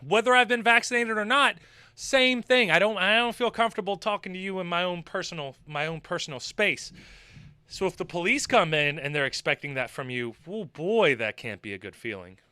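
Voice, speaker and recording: A man's voice: high voice, a little fast, sharp tone, smooth, dry recording. A man giving sarcastic, laughing commentary on a video he is reacting to.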